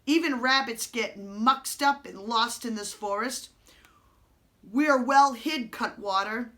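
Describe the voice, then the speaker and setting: A woman voicing a big, boastful male outlaw who talks in loud, rough, rustic speech. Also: a little high, slow pace. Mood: menacing.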